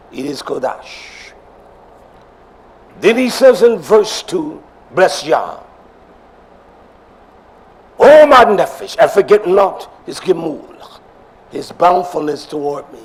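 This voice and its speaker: A male preacher delivering an emphatic sermon, swinging between shouts and low murmurs and repeating phrases for emphasis. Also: a little hiss or hum.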